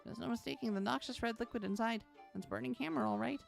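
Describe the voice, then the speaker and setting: A woman streamer reading game text aloud in an expressive, dramatic way, with sudden high exclamations. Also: fast talker, creaky, soft background music.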